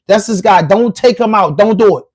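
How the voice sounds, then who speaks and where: Baltimore guy on a live stream, high-ish voice, roasting trolls in rhymes, dry close sound. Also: normal speed, husky, no echo. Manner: trash-talking, rhyming insults. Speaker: podcast host. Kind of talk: casual live-stream talk.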